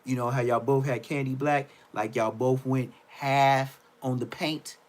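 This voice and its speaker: A young man ranting on a livestream, loud and mocking, repeating phrases and stammering. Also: medium pitch, steady tone, measured pace. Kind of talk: trash-talking rant on a livestream.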